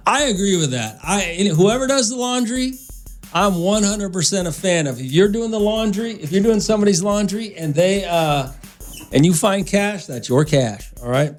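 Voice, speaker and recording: A middle-aged man hosting a morning radio show, telling stories in a relaxed, laughing way. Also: high-pitched, moderate pace, soft background music. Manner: laid-back, storytelling, laughs often. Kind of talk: casual radio talk.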